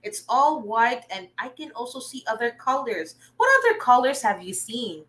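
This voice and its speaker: A woman's voice: fairly high pitch, big pitch swings, moderate pace, fairly bright tone, low-quality recording. A young woman, teaching an online reading lesson in an upbeat way, praising students and answering their comments. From Philippines. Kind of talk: livestreamed remedial reading lesson.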